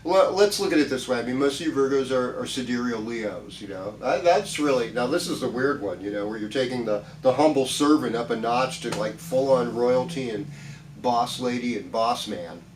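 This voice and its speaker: A man's voice: medium pitch, moderate pace, reverberant, far from the mic, a little hiss or hum, low-quality recording. A man giving a chatty, reassuring weekly horoscope talk, rambling with many restarts. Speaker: astrologer.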